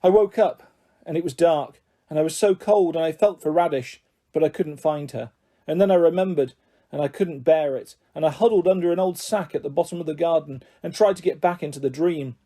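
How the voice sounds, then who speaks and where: A man reads a children's novel aloud with a gentle, expressive storytelling manner. His voice sits high for a man, mellow and warm, with a soft, breathy huskiness throughout. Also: brisk. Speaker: audiobook reader.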